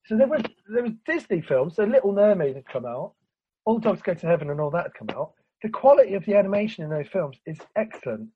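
A man's voice: high-pitched, sing-song, fast talker, slight background noise. A man ranting in casual chat, laughing and swearing as he picks apart an old cartoon film. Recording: lo-fi recording.

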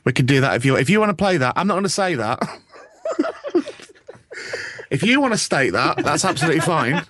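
A man's voice: fairly high pitch, big pitch swings, brisk, fairly bright tone, a little hiss or hum. A man hosting a radio show, chatting casually, laughing often and tripping into restarts. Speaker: radio host.

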